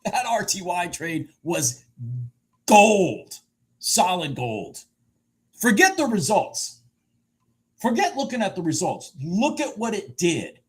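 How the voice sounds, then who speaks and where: A man live-streaming his day trading, commenting excitedly on the market, swearing and repeating himself as he shifts between shouting and muttering. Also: high-pitched, slow, long pauses, slightly rough. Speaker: livestream day trader.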